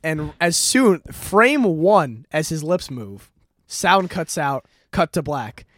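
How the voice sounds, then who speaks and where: Laughing, rambling man with a higher voice. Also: animated, slow, fairly bright tone, no room sound, clean studio sound. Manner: rambling plot recap, laughing often, frequent swearing. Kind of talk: casual chat.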